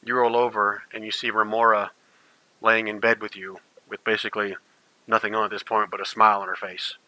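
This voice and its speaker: A man's voice: fairly low pitch, little pitch movement, brisk, sharp tone, no room sound, poor audio. A man narrating a tabletop game as game master, rambling and playful, often restarting his sentences.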